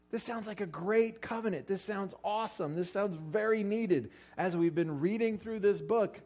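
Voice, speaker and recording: Animated preaching man, lively delivery. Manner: animated, joking, acts out quotes with big jumps in pitch. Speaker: pastor. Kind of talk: sermon. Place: church or hall with an audience eating lunch.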